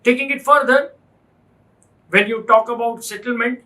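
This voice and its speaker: A man's voice: very high-pitched, fairly even intonation, normal speed, bright, forceful tone, low-quality recording. A man with an Indian English accent teaching a finance class, stressing points with repetition and rhetorical questions. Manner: emphatic, repeats points, asks rhetorical questions. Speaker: finance instructor. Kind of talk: classroom lecture.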